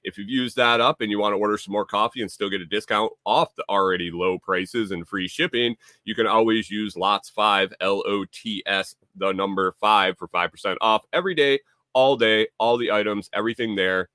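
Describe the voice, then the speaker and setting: A man hosts a casual live stream, rambling, repeating himself, and reading the viewer chat out loud. His voice is on the low side, steady and sharp in tone, at a moderate pace. The recording is dry and of studio quality.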